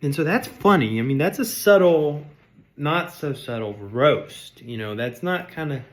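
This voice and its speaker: A man's voice: on the high side, animated, measured pace. A man delivering a comedic rant, mock-outraged and sarcastic, insulting his audience. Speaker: vlogger.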